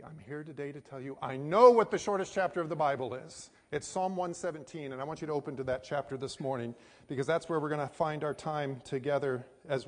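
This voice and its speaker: A middle-aged American man, a missionary pastor, preaching a sermon and telling a personal story in a folksy way with many fillers. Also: on the high side. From United States. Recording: hall reverb.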